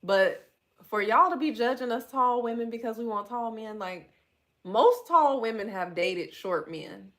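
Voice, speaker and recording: A woman's voice: fairly high pitch, lively intonation, a little slow, fairly bright tone. A woman, talking candidly and with animation, calling her listeners y'all. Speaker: podcast host. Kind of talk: solo podcast talk reading live chat.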